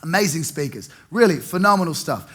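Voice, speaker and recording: Young aussie guy doing standup, sarcastic, swears a lot, kinda high pitched. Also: expressive, fairly quick, fairly bright tone. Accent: Australian. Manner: sardonic, swears freely, mocks with put-on voices. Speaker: stand-up comedian. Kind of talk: stand-up comedy set.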